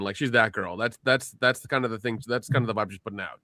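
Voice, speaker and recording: Excitable podcast guy, bright voice, dry close sound. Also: fairly low pitch, fast talker, no echo. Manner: excitable, repeats himself, laughs often. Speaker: podcast co-host. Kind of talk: casual pop culture chat.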